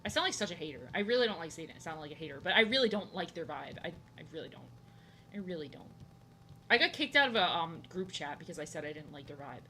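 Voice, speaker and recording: A young woman with a bright, sharp voice chats casually while drawing on a live stream. She rambles, doubles back on her words and fills her talk with "like" and "you know". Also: sits low, very animated, quick pace, slight background noise. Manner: rambling, repeats phrases, many fillers. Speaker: art streamer.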